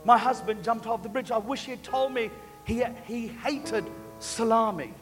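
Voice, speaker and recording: A man's voice: extremely high pitch, normal speed, in a large hall, faint music behind. A man voicing a grieving Italian widow in a joke. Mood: mournful.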